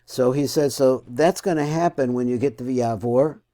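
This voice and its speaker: A man's voice: medium pitch, moderate pace, warm tone. A man teaching a text study lesson, reading phrases and then translating and puzzling over them aloud, with frequent restarts and self-corrections.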